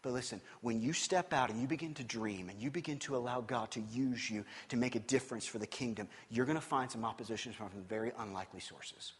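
A male pastor preaching a sermon, swinging between loud emphatic bursts and low hushed passages. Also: fast talker, few pauses, slightly rough, big-room sound.

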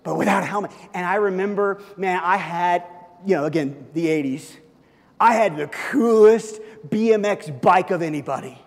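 Man, middle-aged pastor, high voice, animated chatty sermon, long reverb. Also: normal speed. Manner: animated storytelling, chatty with fillers. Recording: long reverb of a large hall.

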